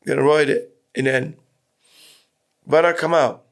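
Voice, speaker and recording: A man's voice: a little high, fairly even intonation, moderate pace. A middle-aged man from Iran, a podcast guest telling his story candidly, with rambling talk and frequent swearing. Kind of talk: casual storytelling interview.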